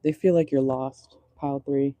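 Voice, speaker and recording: A man's voice: mid-range voice, fairly even intonation, normal speed, dark tone, dry recording, muffled recording. A man giving a casual pick-a-card tarot reading in a car, chatty and amused, laughing often. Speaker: tarot reader.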